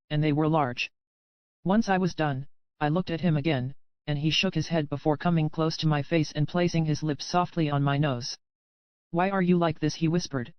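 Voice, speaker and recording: A man narrates a dark romance audiobook in the first person, in an even, unhurried way. His voice is smooth and a little high. The recording is dry and slightly dull. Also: no room sound.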